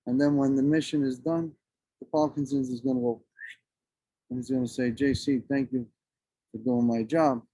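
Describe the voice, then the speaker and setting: A man's voice: medium pitch, steady tone, moderate pace, long pauses, mellow, no echo, poor audio. A man in his forties, a guest talking outdoors with blunt, profane passion. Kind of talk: emotional casual conversation. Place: outdoors among trees and birds.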